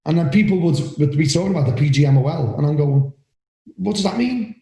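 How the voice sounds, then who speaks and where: Older Scouse bloke, loud and rambling, mellow tone, roomy podcast mic. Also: male voice, fairly high pitch, fast. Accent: Liverpool (Scouse). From Liverpool, England. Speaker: podcast co-host, referee. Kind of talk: casual chat.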